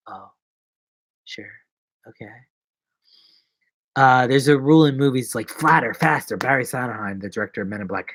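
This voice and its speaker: A young man talking to his viewers on a live stream, joking and wandering from one thought to the next. His voice sits at an ordinary middle pitch, and he swings from loud outbursts down to near-mumbles. The sound is dry and close, with no room around it. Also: brisk, dry recording. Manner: jokey and rambling, swinging between loud bursts and low mumbles. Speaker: actor and vlogger. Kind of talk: casual rambling live-stream chat.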